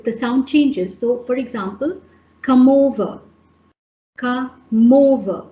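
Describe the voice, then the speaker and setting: A woman's voice: a little high, darkish tone. Woman teaching on an echoey webinar. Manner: explanatory, hesitant with fillers and restarts. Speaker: teacher trainer. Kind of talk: online webinar lesson. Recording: echoey, dull webinar audio.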